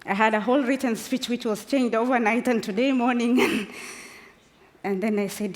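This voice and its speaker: A woman's voice: a little high, steady tone, moderate pace. A woman in her forties from Kenya giving an emotional, unscripted personal speech, passionate and close to tears. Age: 40s. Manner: passionate, emphatic, laughs between phrases. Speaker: speaker. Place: large conference hall. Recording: long hall reverb.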